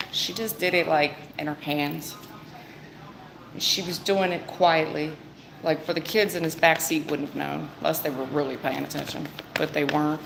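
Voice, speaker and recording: Woman tarot reader, low voice, casual rambling delivery, faint background noise. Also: gravelly. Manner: rambling, conversational, with fillers and restarts. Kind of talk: live-stream tarot reading and storytelling.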